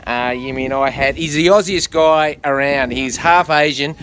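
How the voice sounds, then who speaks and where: A man's voice: a little high, normal speed, hardly any pauses, fairly bright tone, slight background noise. A man hosting a casual vlog in a backyard, jokey and crude, laughing often. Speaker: vlogger host. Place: backyard outdoors.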